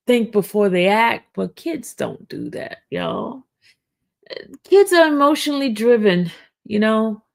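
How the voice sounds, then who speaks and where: A woman with a gravelly, creaky voice talks to her viewers at an unhurried pace. She rambles casually, calls them y'all, and keeps clearing an itchy throat. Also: mid-range voice. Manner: slow, meandering, addresses viewers as y'all. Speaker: online true-crime commentator. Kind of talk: casual live-stream chat.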